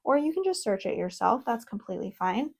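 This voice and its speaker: A young woman with a fairly high voice talks into her own microphone at home, reviewing an oracle deck. She reads card meanings aloud, then breaks into excitable, chatty asides and quick laughs. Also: vocal fry, slightly rough. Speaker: tarot content creator. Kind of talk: casual deck review vlog.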